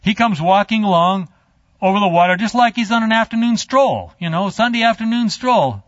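Brief: male Bible teacher, chatty storytelling, slightly high voice, dry muffled sound. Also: dry recording. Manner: animated, halting, chatty. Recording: dull lo-fi dry.

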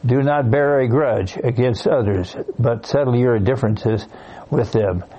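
A man in a Bible study class reading a scripture passage aloud, steady but with small slips he corrects. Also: medium pitch, a little slow, husky, poor audio.

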